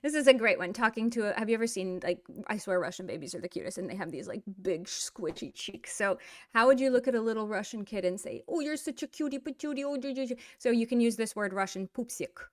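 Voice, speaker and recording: A woman's voice: mid-range voice, fast talker, no echo, studio quality. A woman teaching Russian in a casual video lesson, switching between English explanations and playful acted-out Russian phrases. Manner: lively, playful, acts out example phrases in Russian.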